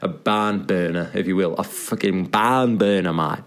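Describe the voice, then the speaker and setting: A young man talking on a casual comedy podcast. He jokes and riffs, piling exaggeration onto his stories. His voice sits a little low for a man. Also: normal speed. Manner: joking, riffing, playful exaggeration. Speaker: podcast co-host.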